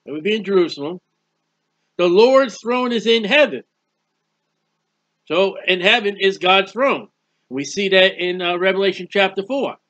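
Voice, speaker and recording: A man's voice: sits high, lively intonation, normal speed, long pauses, a bit bright, lo-fi sound. A man giving a conversational Bible teaching, plain-spoken, repeating phrases and firing rhetorical questions. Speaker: preacher.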